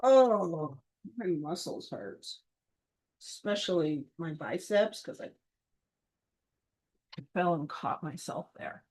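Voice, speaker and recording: A woman's voice: fairly low pitch, lively intonation, slow pace, long pauses, darkish tone, rough recording. A woman organizing a film event, thinking aloud as she works and mumbling half-finished counts to herself. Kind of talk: thinking aloud while working.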